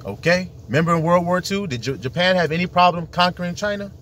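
A man's voice: high-pitched, fast talker, fairly bright tone, slight background noise. A man preaching in an emphatic, rambling monologue, full of rhetorical questions.

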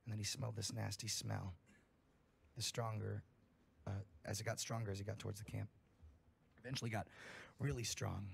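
A man's voice: lowish voice, little pitch movement, normal speed, vocal fry, long pauses, a little hiss or hum. A man reading a campfire horror story aloud in an emphatic storytelling manner, full of swearing.

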